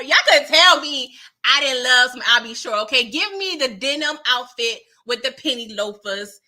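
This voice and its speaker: A woman runs a casual live recap in a high, very bright voice. She talks in an animated, chatty way, with a lot of pitch movement, laughs often, and keeps tossing in "okay?" to her viewers. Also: unhurried. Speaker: TV show recapper.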